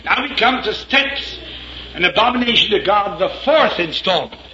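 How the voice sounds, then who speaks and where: A male minister telling a story in a sermon, animated and lively, slipping into acted voices. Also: high-pitched, moderate pace, a little hiss or hum. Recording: echoey lo-fi hall recording with audience.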